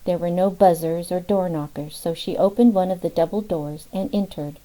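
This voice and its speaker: Mellow woman reading an audiobook. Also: on the low side, steady tone, normal speed, low-quality recording. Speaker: audiobook narrator. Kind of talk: scripted narration.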